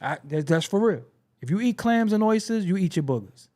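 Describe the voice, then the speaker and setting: A man's voice: sits high, fairly quick. A man hosting a hip-hop commentary show, ranting in a casual, profane, comedic way with frequent laughter. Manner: profane, animated, laughing often, mocking imitations.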